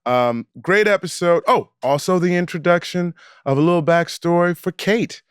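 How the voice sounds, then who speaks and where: A man's voice: high voice, moderate pace, clean tone, dry recording, clean studio sound. A man co-hosting a podcast, laid-back and slangy in casual chat. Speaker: podcast co-host.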